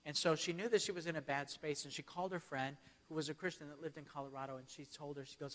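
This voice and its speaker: A man's voice: on the high side, steady tone, fast talker, few pauses, fairly bright tone. A man giving a church keynote as a storytelling sermon, often checking in with his audience. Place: church hall. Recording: long hall reverb.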